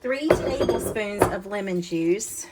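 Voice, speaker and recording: A woman's voice: medium pitch, expressive, slow, heavy background noise. Lady chatting thru a recipe in her kitchen, pots and silverware clanking. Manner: chatty and folksy, talks straight to viewers. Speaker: cooking channel host. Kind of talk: casual cooking demonstration. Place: home kitchen. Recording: kitchen clatter of dishes and utensils.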